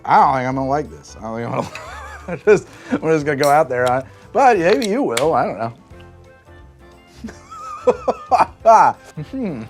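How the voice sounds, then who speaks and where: A man hosting a casual drink tasting review, wry and deadpan with frequent laughs. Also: mid-range voice. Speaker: host.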